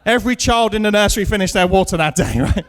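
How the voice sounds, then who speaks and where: This comic, a man in his thirties, speaks fast and high-pitched with lively intonation during his club stand-up set. He pokes fun at himself in dry stories that land on punchlines, chatting with the crowd between them.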